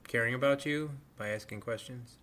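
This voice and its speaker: Man, podcast host, bright forceful voice, calm, blunt advice. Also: medium pitch, fairly quick. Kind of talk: casual advice chat.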